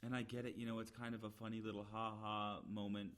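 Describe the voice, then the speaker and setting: A man's voice: on the low side, flat delivery, quick pace, a bit bright, clean tone. A man giving a rambling, opinionated solo commentary, with many "uh" fillers and emphatic, exasperated repetition. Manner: rambling, frequent "uh" fillers and restarts. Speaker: podcast commentator.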